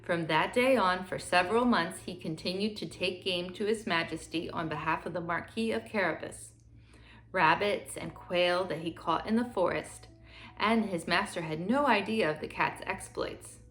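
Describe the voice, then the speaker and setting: A woman gently reading a fairy tale aloud to children in a steady storytelling manner. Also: fairly low pitch, moderate pace, soft background music.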